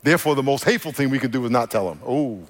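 A man's voice: mid-range voice, racing. A male pastor preaching a sermon with energy and humor, often getting the congregation to repeat words after him. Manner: energetic, joking, leads congregation call-and-response. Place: church auditorium. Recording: long reverb of a church hall.

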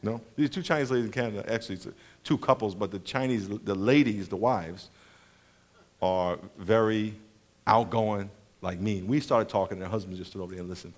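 A man's voice: lowish voice, fairly quick. A man around forty preaching a sermon, telling stories with lots of laughter and acting out the people in them. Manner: animated, laughs often, mimics people in his stories. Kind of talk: storytelling sermon to a congregation.

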